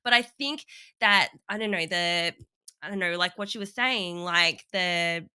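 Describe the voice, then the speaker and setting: A woman co-hosting a podcast, talking excitedly and casually about books, sometimes losing her train of thought. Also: lowish voice, measured pace, smooth. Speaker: podcast co-host. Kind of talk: casual book discussion.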